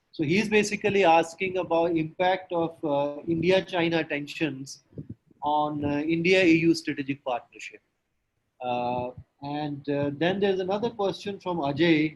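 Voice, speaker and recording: Male moderator, somewhat high voice, hesitant, lots of fillers, video call. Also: poor audio. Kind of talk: moderating a panel discussion. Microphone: remote video call.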